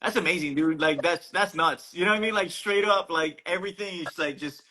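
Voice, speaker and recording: A man's voice: a little high, brisk, sharp tone, slight background noise, poor audio. A man from Hawaii hosting a podcast, chatting in an easygoing way with slang like "dude" and frequent restarts. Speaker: podcast host. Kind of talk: casual chat.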